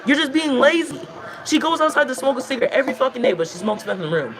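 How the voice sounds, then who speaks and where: A woman telling long, rambling, profane stories to her livestream chat, talking in an animated way. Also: a little high, racing, crowd noise. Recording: noisy background.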